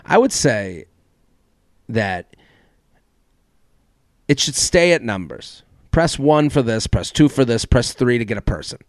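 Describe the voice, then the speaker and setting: A man's voice: mid-range voice, lively intonation, measured pace, long pauses, no room sound, clean studio sound. A young man hosting a comedy podcast, reading listener complaints aloud and ranting back about them with mock outrage and swearing. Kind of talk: casual comedic podcast monologue.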